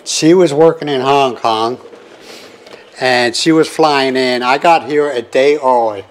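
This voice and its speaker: A man's voice: medium pitch, measured pace, a little hiss or hum. An older man from the United States, telling a long story to his vlog audience in a rambling, conversational way with many asides. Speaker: vlogger. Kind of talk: casual storytelling to camera.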